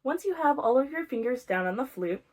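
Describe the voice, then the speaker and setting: A woman's voice: sits high, lively intonation, fairly quick, a little mellow. A young woman teaching beginner flute, explaining step by step with playful, self-mocking jokes. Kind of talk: casual instructional video.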